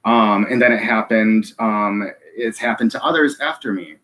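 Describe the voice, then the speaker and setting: A man hosting a live stream, reading chat and speaking earnestly, halting with many ums and restarts, close to tears. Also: fairly low pitch, fairly bright tone.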